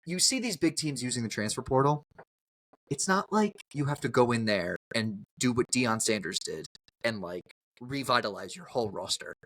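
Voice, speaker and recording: A man's voice: mid-range voice, expressive, normal speed, fairly bright tone, no echo. A young man co-hosting a casual sports podcast, rambling and restarting his sentences a lot, with easy cursing. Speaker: podcast co-host.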